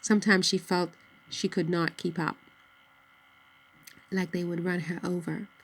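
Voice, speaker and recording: A woman narrating a novel in a steady, measured audiobook reading. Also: fairly low pitch, rough recording.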